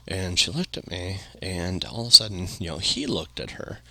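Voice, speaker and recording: A man's voice: sits low, moderate pace, sharp tone, no room sound. A man hosting a podcast, telling a long casual anecdote in a rambling way, full of filler phrases. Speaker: podcast host.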